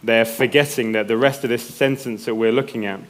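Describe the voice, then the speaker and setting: A man's voice: mid-range voice, steady tone, a little fast. A man preaching a sermon in a conversational way, often checking in with the congregation. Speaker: pastor.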